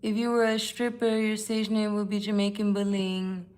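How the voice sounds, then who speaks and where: A woman's voice: mid-range voice, completely flat delivery, moderate pace, darkish tone. A tipsy woman tarot reader talking bluntly and profanely in a casual live-stream chat from home.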